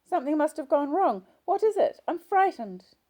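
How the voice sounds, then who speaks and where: Woman doing a frightened old woman patient, high and shrill. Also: sing-song, moderate pace, a little mellow.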